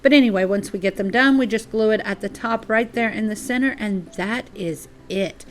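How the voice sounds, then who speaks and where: Breathy woman crafting host. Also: mid-range voice, normal speed. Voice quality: chatty, apologetic, uses y'all. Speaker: DIY crafts channel host. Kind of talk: casual craft tutorial narration. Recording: soft music behind.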